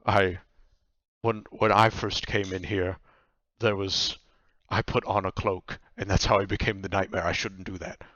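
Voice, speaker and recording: A man's voice: low-pitched, level tone, moderate pace, fairly bright tone, dry recording. A man voicing a remorseful male nightmare spirit living in a cloak, who stammers and apologizes, on a dull, dry, lo-fi recording. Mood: flustered.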